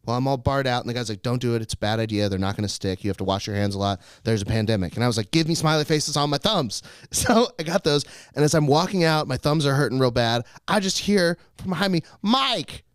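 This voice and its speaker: Animated, laughing man telling stories. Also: medium pitch, quick pace, few pauses, clear, resonant tone, no echo, studio quality. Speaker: podcast co-host, comedian. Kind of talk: casual storytelling chat.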